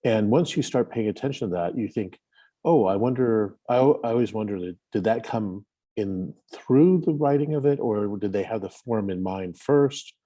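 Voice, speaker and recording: A man in casual discussion on a video call, talking in a hesitant, halting way with many fillers. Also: lowish voice, lively intonation, warm tone. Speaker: roundtable participant.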